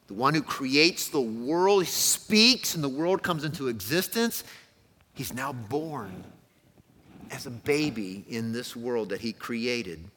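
A man preaching a sermon as pastor, moving between loud calls and quiet, low passages. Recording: long hall reverb, faint noise.

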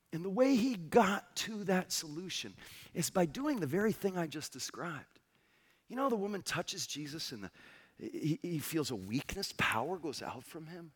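A man in his forties preaches with a slightly husky, fairly high voice that swoops lively through each phrase. He turns tender and personal, sinking to a near hush for quoted lines. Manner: tender, dropping to a soft hush for quoted words. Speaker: pastor. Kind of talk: sermon.

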